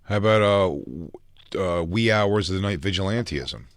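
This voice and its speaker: A man co-hosting a podcast who teases and riffs with quick wit in casual banter. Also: low voice, slight background noise. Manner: teasing, quick-witted. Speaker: podcast co-host.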